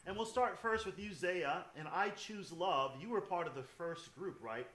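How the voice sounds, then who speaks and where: A man's voice: high-pitched, animated, moderate pace, a bit bright, reverberant. A man hosting a conversation with young choir singers over a video call, with thoughtful, precise phrasing. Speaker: host, associate artistic director of a choir. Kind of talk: interviewing guests on a video call.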